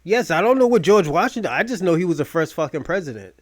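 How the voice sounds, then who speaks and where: A man hosting a podcast, talking in loud, rambling, mocking rants full of profanity. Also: sits high, big pitch swings, quick pace. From United States. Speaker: podcast host. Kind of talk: profane casual commentary.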